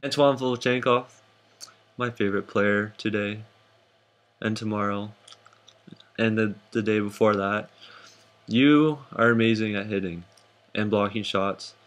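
A young man casually recapping hockey games for his vlog, jokey and excitable, with sudden high whoops. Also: unhurried, pauses often. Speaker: hockey fan vlogger.

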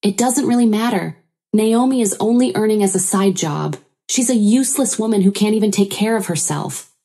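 A woman's voice: mid-range voice, normal speed, mellow, voice pushed up, natural voice. A woman voicing a spiteful, complaining sister-in-law. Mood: snide. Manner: complaining, snide.

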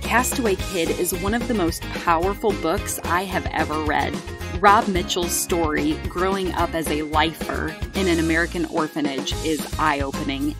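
Brief: female podcast host, sincere, slightly low voice, music clear behind her. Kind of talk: podcast interview.

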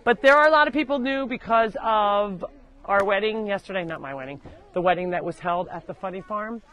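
A woman hosting a live show from her animal sanctuary, chatting casually outdoors and loudly scolding the animals. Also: mid-range voice, brisk. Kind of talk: casual live-stream chat. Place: outdoors on a farm among animals.

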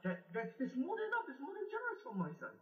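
A man's voice: very high-pitched, wildly swooping pitch, fast talker. A man arguing in a heated online debate, combative and repeating his points. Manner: combative, repetitive. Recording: distant, roomy, dull-sounding audio.

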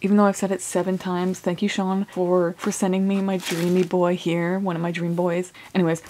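A young woman, a college student, whispering softly through a casual unboxing vlog, giggling often and swearing offhandedly. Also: on the low side, level tone, a little fast, few pauses, a little hiss or hum. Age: young adult.

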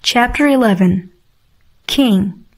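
A woman reading a simple storybook aloud for English learners, clear and deliberate. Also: fairly high pitch. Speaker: audiobook reader.

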